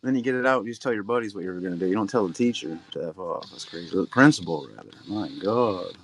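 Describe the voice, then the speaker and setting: A man's voice: sits low, fast talker, a little hiss or hum. A middle-aged man hosting a live card-break stream, chatting loosely and humming little filler sounds between remarks. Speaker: livestream card-break host. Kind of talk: casual live-stream chat.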